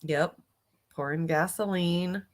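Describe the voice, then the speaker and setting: A woman's voice: on the low side, slow pace. A woman streamer reacting casually to videos, chatty and sympathetic, swearing freely.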